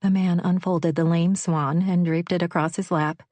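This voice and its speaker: A woman reads a romantic novel aloud in a measured storytelling voice. Her pitch sits on the low side for a woman. The recording is dry and close, with no room sound at all. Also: fairly even intonation, dark tone, no echo. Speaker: audiobook narrator. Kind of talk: scripted narration.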